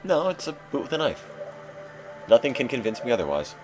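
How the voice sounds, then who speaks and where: A man's voice: medium pitch, wildly swooping pitch, brisk. A man hosting a charity game stream in casual, playful chat, riffing on jokes with game music behind him. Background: video game music.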